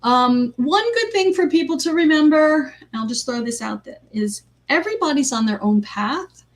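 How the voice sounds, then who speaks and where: A woman's voice: high-pitched, animated, normal speed. A woman life coach giving a casual live talk, telling personal stories with frequent ums and 'right?' asides. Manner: conversational, lots of ums and 'right?' tags.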